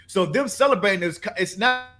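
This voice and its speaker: A man's voice: high voice, animated, fairly quick, pushed and bright, soft background music. A man hosting a sports podcast in casual, profane chat, often acting out what other people say.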